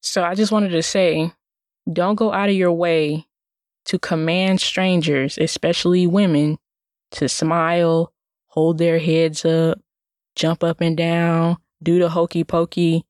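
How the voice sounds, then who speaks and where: A woman's voice: fairly low pitch, little pitch movement, slow, a little mellow, dry recording. Indignant woman with a dry, close sound. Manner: indignant, rambling, many "like" fillers and restarts. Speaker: vlogger. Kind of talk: casual personal monologue.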